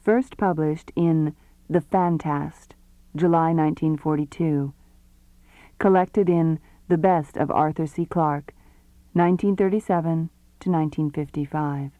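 A woman with a low, mellow voice announcing title details in a measured, formal manner, on a dry recording. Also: fairly even intonation, dry recording. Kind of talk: scripted announcement.

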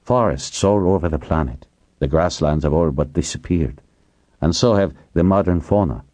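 A man reading the lines of a calm, knowledgeable adult man in a storybook, in a matter-of-fact way close to his own voice. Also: a bass voice, moderate pace, no echo.

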